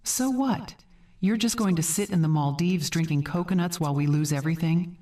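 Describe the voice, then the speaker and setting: A woman's voice: fairly low pitch, normal speed, distant mic, lightly acted. Woman voicing a desperate pleading grown daughter. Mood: indignant. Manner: pleading, tearful, rising to sharp.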